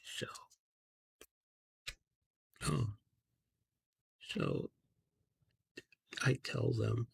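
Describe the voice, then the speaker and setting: A man softly telling a rambling story in a half-whispered ASMR style, talking casually with slang and fillers, outdoors at night on a close mic. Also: medium pitch, extremely slow, creaky, pauses often, husky. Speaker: ASMR channel host. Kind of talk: ASMR storytelling while coloring.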